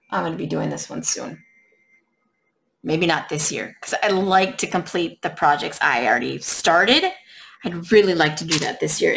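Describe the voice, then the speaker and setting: A woman vlogger chatting casually while unboxing crafts, reading drill numbers slowly and gushing softly over the colors. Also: medium pitch, creaky, background noise. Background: crinkling bags and clicks.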